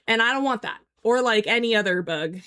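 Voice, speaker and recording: A young woman chats casually on a live stream from a room at home, rambling and saying "like" a lot. Her voice is fairly high, animated, pushed and bright, and she speaks fairly quickly.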